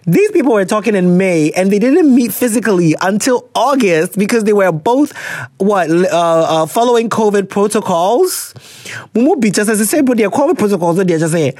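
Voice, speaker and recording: A man's voice: sits high, expressive, moderate pace, darkish tone, no room sound, clean studio sound. A man hosting a podcast, chatting casually and reading listener letters aloud, laughing often and slipping into slang. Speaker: podcast host.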